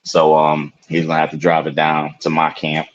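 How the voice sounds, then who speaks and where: A man with a very deep voice co-hosts a casual podcast, speaking in a monotone at normal speed. His manner is laid-back and rambling, thick with fillers and "you know what I'm saying," and the video-call recording has dull, lo-fi remote audio.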